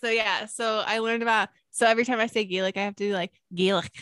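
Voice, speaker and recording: A woman's voice: on the high side, steady tone, quick pace, fairly bright tone, smooth. A young woman chatting casually on a podcast, bubbly and rambling with lots of fillers. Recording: dry close mic.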